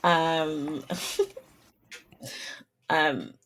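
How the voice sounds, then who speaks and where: A woman guesting on a casual livestream talk show, playful and giggly, with halting starts. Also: low voice, fairly bright tone, a little hiss or hum. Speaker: guest streamer.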